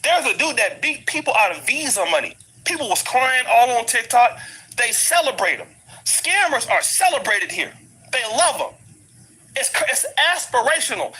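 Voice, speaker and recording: A man's voice: very high voice, sing-song, normal speed, sharp tone, slightly rough, low-quality recording. A middle-aged American man with an African American English accent, living abroad and delivering a blunt, emphatic commentary rant that hammers the same points over and over. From United States. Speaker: commentary vlogger. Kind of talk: ranting commentary.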